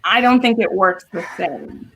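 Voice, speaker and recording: A woman's voice: mid-range voice, unhurried, a bit bright, a little hiss or hum. Woman host, live book-chat show, enthusiastic, laughs a lot, speaks from a video call.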